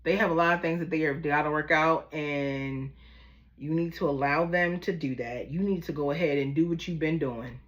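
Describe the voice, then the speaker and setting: Here a tarot reader from Baltimore, USA, talks directly to her audience in an easy, chatty way, using "y'all" and "baby" like she knows them. Her voice is deep and steady, moving at a moderate pace, and her Baltimore accent comes through.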